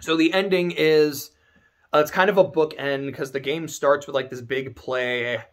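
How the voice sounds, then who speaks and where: A man's voice: a little high, steady tone, moderate pace. A young man giving a casual spoken game review, rambling, correcting himself and swearing casually.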